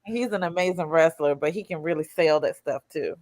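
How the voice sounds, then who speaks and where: A woman co-hosting a casual wrestling podcast, enthusiastic and quick to laugh. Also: low voice, a little mellow, dry recording, studio quality. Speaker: podcast co-host.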